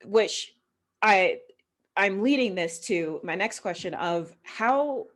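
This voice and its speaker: A woman's voice: mid-range voice, slow. A woman hosting a conversational podcast interview, telling stories animatedly and acting out the voices she quotes. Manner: animated storyteller who acts out quoted voices. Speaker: podcast host.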